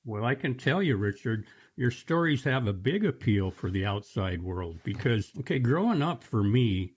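A man's voice: mid-range voice, darkish tone. A man hosting a show about stories, interviewing a guest in an attentive, affirming way. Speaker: host of a story show. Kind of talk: interview conversation.

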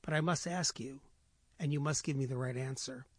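A man voicing a proud, imperious lion king in a spoken folk tale, booming and commanding. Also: fairly quick, husky, no room sound, natural voice.

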